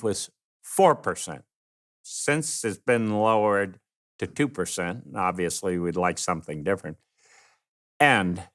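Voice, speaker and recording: A man's voice: lowish voice, a bit bright. An older man from Michigan in an oral history interview, telling stories and acting out the voices of people he quotes. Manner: slow, anecdotal, acts out quoted voices.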